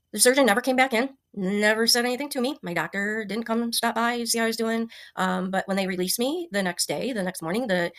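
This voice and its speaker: A woman in her fifties sharing a personal health story, earnest and emotional, with many ums and restarts. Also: mid-range voice. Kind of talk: personal testimonial.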